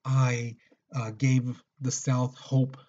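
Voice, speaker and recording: A man's voice: medium pitch, flat delivery, drawn-out words, warm tone, muffled recording. A man voicing a boastful, indignant assassin in a casual history lesson retelling. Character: boastful male assassin craving praise.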